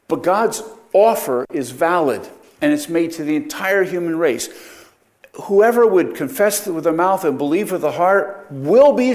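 A man's voice: fairly high pitch, darkish tone. A man teaching a Bible study lecture, explaining verses with frequent rhetorical questions and self-corrections.

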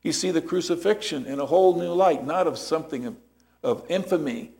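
A man's voice: fairly high pitch, brisk, gravelly, a little mellow. A man preaching a sermon as pastor, explaining scripture step by step and checking in with rhetorical questions.

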